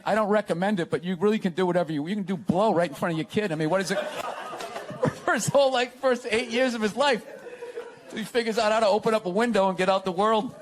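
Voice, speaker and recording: A man talking in a casual interview, sarcastic and ranting, laughing often as he tells stories. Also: high voice. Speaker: comedian guest.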